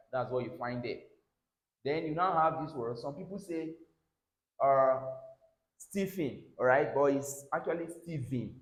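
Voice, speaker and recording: A man teaches a pronunciation lesson in a mid-pitched voice. He repeats each word and keeps checking in with "all right?". The sound carries the echo of a bare room. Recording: echoey room.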